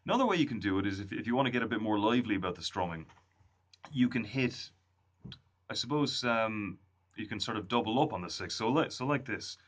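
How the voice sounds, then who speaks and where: A man giving a casual music lesson, counting beats and humming strum rhythms in a relaxed way. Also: medium pitch, fast, muffled recording. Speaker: music tutor. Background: ukulele strumming.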